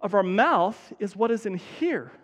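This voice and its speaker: Man preaching with a high voice. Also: lively intonation, a little slow, fairly bright tone. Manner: conversational preaching with emphatic repetition. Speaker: pastor. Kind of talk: sermon. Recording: long hall reverb.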